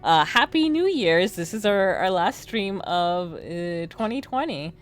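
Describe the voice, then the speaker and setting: Woman streamer wrapping up, lively voice. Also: mid-range voice, measured pace. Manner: chatty, with fillers. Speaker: streamer host. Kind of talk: casual stream sign-off.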